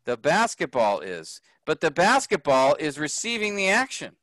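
A man teaching a grammar lesson to a group, slow and patient, often checking that the class follows. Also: a little high, huge pitch swings, fairly bright tone, no room sound. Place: workshop room.

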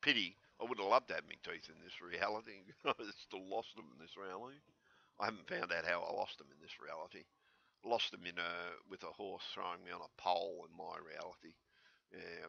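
A man without his teeth in, slightly slurred, rambling in an agitated, excitable casual vlog commentary on a dull lo-fi recording. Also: deep voice, gravelly. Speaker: vlogger.

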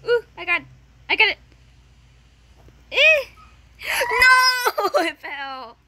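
A woman gamer chatting casually while playing, excitable and giggly, often squealing. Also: very high-pitched, slow pace, dry recording. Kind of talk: casual gameplay chat.

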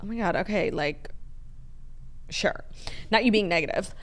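A woman's voice: mid-range voice, normal speed. A young woman co-hosting a casual podcast, gushing and swearing freely, with lots of fillers. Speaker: podcast co-host. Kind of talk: casual chat.

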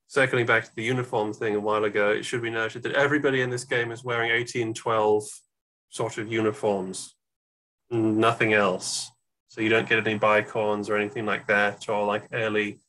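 Bright-voiced man, chatty and hesitant. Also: lowish voice, low-quality recording. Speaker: podcast guest. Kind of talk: casual discussion while playing.

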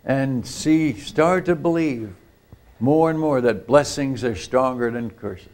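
A man's voice: mid-range voice, slow, darkish tone. An older man, a missionary speaker, telling a story in a sermon at a retreat camp meeting, acting out the quoted voices and often turning to the audience with asides.

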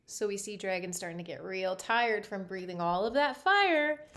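A woman teacher reading a picture book aloud to a class, stopping often to ask the students questions in an animated way. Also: mid-range voice, normal speed.

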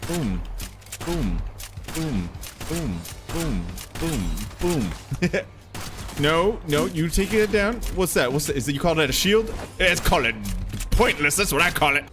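A man's voice: on the high side, lively intonation, unhurried. A man giving playful live commentary while playing a video game, chanting gunshot sounds as he goes. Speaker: let's play gamer. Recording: game music playing underneath. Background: video game music.

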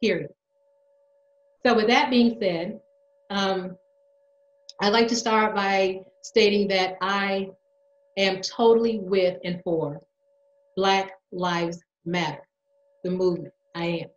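A woman's voice: mid-range voice, fairly even intonation, takes it slowly, pauses often, reverberant, highs cut off, slight background noise. Emotional, defiant woman speaking out. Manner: emotional, defiant, building to anger. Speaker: mother speaking on her platform. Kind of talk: theatrical monologue.

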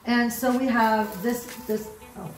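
A woman's voice: fairly high pitch, fairly even intonation, a little slow. A middle-aged woman giving a rambling, enthusiastic tour of her houseplants at home, often unsure of their names. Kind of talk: casual home video tour. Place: home room with plants. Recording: roomy home echo with music behind.

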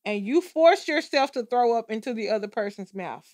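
A woman's voice: on the high side, lively intonation, moderate pace, a little mellow, a little hiss or hum. A woman co-hosting a casual podcast chat, sounding exasperated and repeatedly saying she is done. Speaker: podcast co-host.

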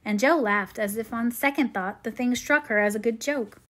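A woman reading a classic novel aloud in measured storytelling narration. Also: on the high side, a bit bright. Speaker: audiobook reader.

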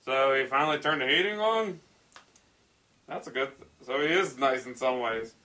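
A man reading a story aloud and breaking in with sarcastic, incredulous commentary that rises into loud exclamations. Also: fairly high pitch, animated, a little fast. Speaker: creepypasta reader and commentator.

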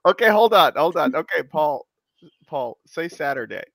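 A man hosts a live coding session, ribbing his co-hosts in a loose, chatty way. His voice is bright and lively, and it swings up and down a lot. The recording is close and dry, with no room sound. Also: fairly high pitch, normal speed, gravelly, dry recording. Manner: joking, teasing, chatty, lots of "you know". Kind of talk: casual live-coding chat.

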